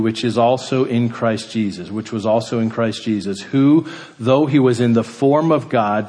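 A male pastor delivers a sermon at an unhurried, deliberate pace. His voice sits at a middle pitch, climbs on the words he wants to stress, and sinks low and soft at the end of a thought. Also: big-room sound. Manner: measured preaching, rising for emphasis then dropping to a hush.

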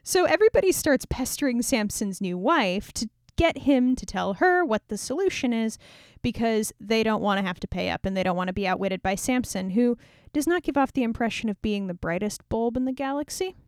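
A young woman tells an old story casually, dropping sarcastic asides as she goes. Her voice sits a little high. The recording is dry and close, with no room sound. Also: animated, brisk, smooth, dry recording. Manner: irreverent, chatty, sarcastic asides. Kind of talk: casual retelling of a scripture story.

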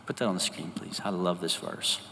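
A male pastor preaching a sermon, talking to the congregation in a lively, conversational way and often asking for an "Amen". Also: deep voice, fairly quick, vocal fry, a little hiss or hum. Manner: conversational, animated, asks the congregation for responses. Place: church sanctuary. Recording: reverberant church hall with faint ambience.

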